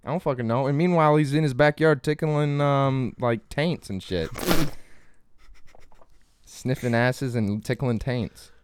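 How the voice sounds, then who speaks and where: A man's voice: medium pitch, unhurried, noisy background. A man co-hosting a crude comedy podcast, rambling and profane, often breaking into laughter. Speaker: podcast co-host.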